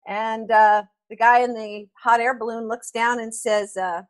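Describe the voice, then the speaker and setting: A woman's voice: fairly high pitch, steady tone, moderate pace, few pauses, a bit bright. A middle-aged woman, a guest on an interview podcast, explaining her views emphatically and telling stories. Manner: emphatic, storytelling. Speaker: podcast guest, accounting advisor. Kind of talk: interview answer.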